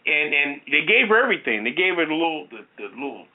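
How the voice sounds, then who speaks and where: Talk show host, male, rambling and animated, phone-quality audio. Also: a little high, fast talker. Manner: rambling, full of "you know" and restarts. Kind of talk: casual chat. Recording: tinny phone-like sound.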